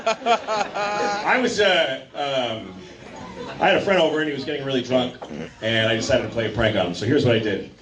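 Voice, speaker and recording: A man doing a stand-up set at a comedy club stage, telling crude bits in a halting, deadpan way full of fillers, into a handheld mic. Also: mid-range voice, very noisy. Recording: roomy club, loud laughing crowd. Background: laughing audience.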